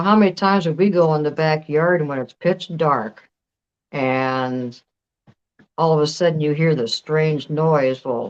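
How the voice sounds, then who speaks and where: A co-host telling a homespun backyard story in casual chat. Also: medium pitch. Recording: dull lo-fi sound.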